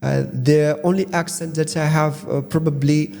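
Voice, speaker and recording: Hesitant man, raised pitch. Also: fairly even intonation, normal speed, creaky, mellow. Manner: hesitant, many fillers, non-native phrasing. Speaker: English teacher and interview guest. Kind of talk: casual interview answers. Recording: long room reverb.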